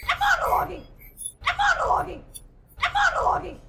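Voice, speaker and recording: Shrill cartoon ranter, squeaky and over the top, from a noisy clip. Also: female voice, big pitch swings, brisk. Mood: frantic. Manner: shrieking, repetitive, frantic. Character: shrill cartoonish ranter who refuses interruption.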